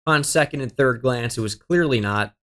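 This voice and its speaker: A man's voice: mid-range voice, normal speed, a bit bright. A young man giving casual running commentary while playing a geography guessing game, muttering his guesses and cursing his luck with self-deprecating, exasperated remarks. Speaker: gaming streamer.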